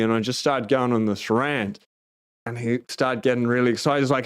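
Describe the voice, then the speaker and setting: An Australian man hosts a loose livestream and talks straight to his viewers. He is blunt and emphatic and swears freely. His voice is smooth and resonant at an ordinary middle pitch. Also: fairly even intonation, a little fast. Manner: blunt, heavily profane and emphatic. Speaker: livestream host. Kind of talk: casual livestream chat, reading viewer comments.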